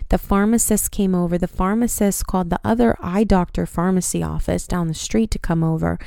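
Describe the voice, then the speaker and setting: A woman in her twenties hosts a podcast and tells a story in an animated, casual way, swearing freely. Her voice is smooth and clear. The recording is close and dry. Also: on the low side, a little fast, no echo. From United States. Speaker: podcast host.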